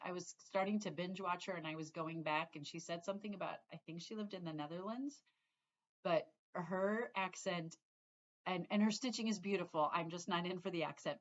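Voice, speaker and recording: A woman's voice: on the low side, fairly bright tone, muffled recording. A middle-aged woman vlogging casually about her cross-stitch, rambling and often restarting her sentences. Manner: rambling, chatty, trails off and restarts. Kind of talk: casual chat to viewers.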